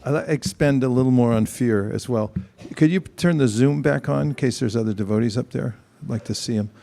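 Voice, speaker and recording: Man, sermon, measured and explanatory, gravelly, mellow. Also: mid-range voice. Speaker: temple speaker.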